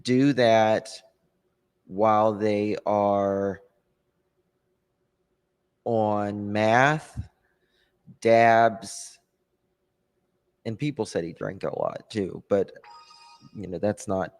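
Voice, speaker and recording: A man hosting a casual true crime livestream, thinking aloud and answering viewer comments with hesitant ums and pauses. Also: lowish voice, smooth. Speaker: true crime channel host. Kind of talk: casual livestream chat about a case.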